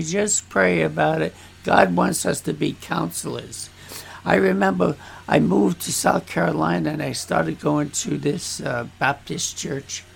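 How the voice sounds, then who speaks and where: A man's voice: sits high, gravelly, a bit bright, slightly rough. A male pastor talking frankly about his church, bluntly, acting out the voices of people he quotes. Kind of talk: casual talk about church life. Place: church in the Philippines.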